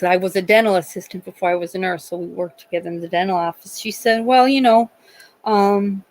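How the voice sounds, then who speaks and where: A woman's voice: mid-range voice, rough recording. A middle-aged woman with a northeastern Pennsylvania accent, chatting on a live stream in an emotional, rambling way, full of restarts. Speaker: livestream host. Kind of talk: casual live-stream chat.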